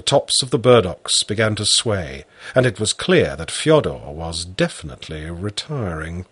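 A man reading a story aloud in a husky voice. His pitch swings widely as he tells it, and he takes his time over every phrase. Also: no echo. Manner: slow, animated storytelling. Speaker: narrator. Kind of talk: scripted story narration.

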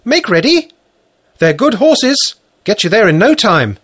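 A man voicing a cheerful, loud farm housewife in a storybook reading. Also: high-pitched, big pitch swings, voice pushed up. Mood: hearty. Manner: brisk, boisterous calls.

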